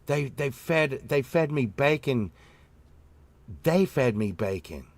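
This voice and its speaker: A man's voice: mid-range voice, animated, takes it slowly. A man hosting a casual show, telling meandering stories with lots of fillers and the odd swear word. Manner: acts out his own past remarks in a raised voice. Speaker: host. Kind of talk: casual rambling chat.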